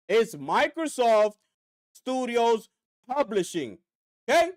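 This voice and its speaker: Pausing often and speaking a bit slowly, a high-voiced man delivers a live-stream rant about gaming. He's animated and rhetorical, peppering his commentary with mocking impressions and asides.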